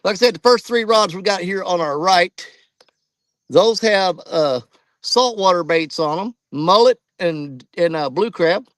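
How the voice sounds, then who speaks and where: A man's voice: high-pitched, lively intonation, measured pace, a bit bright, no echo. A man hosting a live fishing stream outdoors, out of breath and chatting to viewers by name. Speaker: fishing channel host. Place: outdoors at a riverbank.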